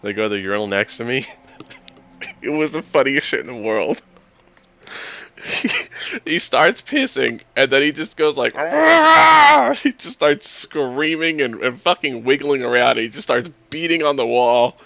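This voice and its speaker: A man's voice: mid-range voice, animated, moderate pace, gravelly, bright, forceful tone, no echo, highs cut off. A young man chatting casually before a tabletop game session, telling a swear-filled story through frequent laughter over voice chat. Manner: profane, laughing anecdote-teller.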